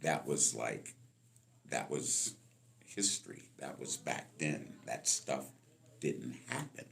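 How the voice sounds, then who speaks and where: A man in his sixties from Los Angeles, a musician telling stories from his life as a guest in an interview, animated and acting out the people in them. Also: very deep voice, slow, creaky. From Los Angeles, California. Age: 60s. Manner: animated storyteller, acts out voices in his anecdotes. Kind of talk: storytelling interview.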